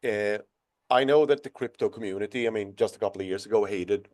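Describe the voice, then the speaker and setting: A man's voice: on the low side, brisk, a little mellow. A man moderating a webinar panel over a video call, upbeat, and putting questions to the panelists.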